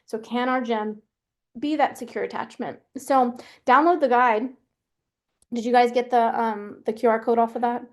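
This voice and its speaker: A fairly high-pitched woman hosts a webinar in a loose, conversational way. She talks in a chatty manner, full of fillers and restarts. She sounds middle-aged. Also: steady tone, normal speed. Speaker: webinar host. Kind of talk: casual webinar presentation.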